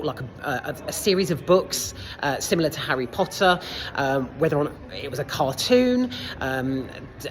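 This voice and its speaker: A woman's voice: deep voice, slight background noise. A woman reviewing a film casually in a cinema foyer, hesitant, with many fillers and casual swearing. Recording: long reverb in a foyer.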